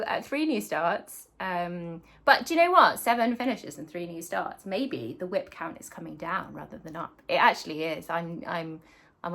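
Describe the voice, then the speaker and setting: A woman's voice: lowish voice, sharp tone. A British woman chatting casually in a crafting vlog, rambling and laughing at herself. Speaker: cross-stitch vlogger. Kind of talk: casual chat.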